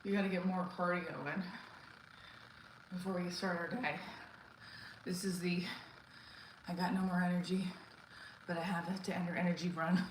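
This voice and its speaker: A woman's voice: lowish voice, steady tone, moderate pace, long pauses, a little hiss or hum. A middle-aged woman chatting casually on a live stream while she exercises, out of breath, thanking viewers for their comments. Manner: chatty, reads and thanks chat comments mid-workout. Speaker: livestream host. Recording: roomy echo with faint ambience.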